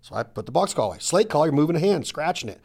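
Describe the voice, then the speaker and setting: A middle-aged man hosting a casual hunting podcast, talking in an energetic, emphatic, rambling way. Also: a little high, racing, vocal fry. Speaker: podcast host.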